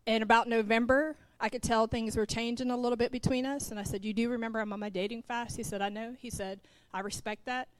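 A woman's voice: a little high, steady tone, fast, few pauses, a little hiss or hum. A middle-aged woman preaching a sermon from the pulpit. She tells a personal story, acts out the dialogue and speaks straight to the congregation. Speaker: pastor's wife, preacher.

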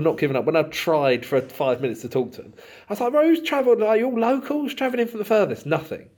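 A man from Southend, a comedian, chatting casually and acting out exchanges in animated anecdotes. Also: mid-range voice. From Southend, England. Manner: animated storytelling, acts out dialogue. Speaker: comedian and podcast host. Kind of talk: casual chat.

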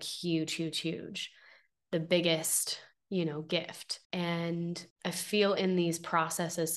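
A young adult woman hosting a podcast, talking in an earnest, heartfelt personal monologue, emotional and close to tears, with many fillers and restarts. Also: on the low side. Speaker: podcast host.

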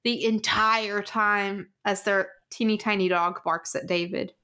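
A woman's voice: mid-range voice, a little slow, smooth. A woman co-hosting a podcast, chatting casually about a film, laughing and acting out the characters as she talks. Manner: animated, laughs and acts out characters. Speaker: podcast co-host. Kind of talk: casual movie chat.

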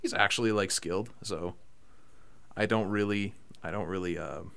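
A young man hosting a casual podcast chat, rambling with many fillers and getting excitable about food. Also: on the low side, normal speed, creaky, clear, resonant tone. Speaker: podcast host.

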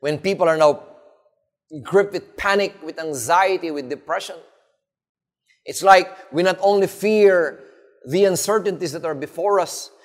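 A Filipino male pastor preaching a sermon, dramatic, swinging between loud emphasis and hushed lows. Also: a little slow, long pauses. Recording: long reverb of a large hall.

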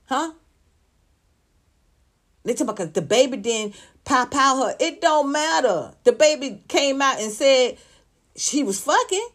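A woman with a fairly high voice sounds off on celebrity news in a blunt, cussing, sarcastic vlog rant. She keeps firing rhetorical questions at the person she is talking about. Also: expressive, unhurried, long pauses. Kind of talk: heated celebrity gossip commentary.

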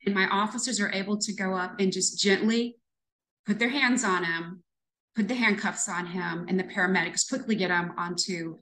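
A woman's voice: mid-range voice, a bit bright, rough recording. A woman in her fifties, a retired police lieutenant, telling a story earnestly and reflectively in an interview.

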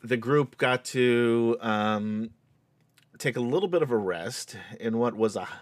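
A man's voice: mid-range voice, a little slow, no room sound. A man hosting a tabletop game stream as game master, chatty and laughing with fillers as he recaps the story.

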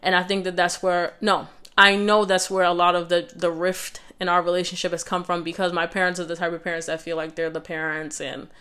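A woman's voice: on the low side, little pitch movement, brisk, few pauses, pushed and bright, clean tone. A young woman vlogger telling a personal story in a casual, conversational way, with lots of fillers and restarts.

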